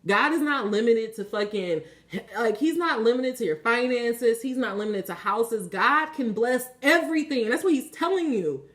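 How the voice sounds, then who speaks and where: A woman with a fairly high voice delivers a spiritual tarot reading in a loose, conversational way. She talks with fired-up, preachy passion and swears freely as she addresses her viewers. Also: lively intonation, normal speed, fairly bright tone. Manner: casual, conversational. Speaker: tarot reader.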